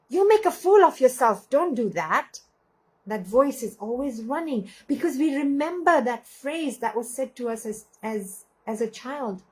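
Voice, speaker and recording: A woman in her thirties, a parenting coach, speaking earnestly and telling stories from her own family. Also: a little high. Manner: slow, earnest, storytelling with acted quotes. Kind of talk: reflective talk to camera.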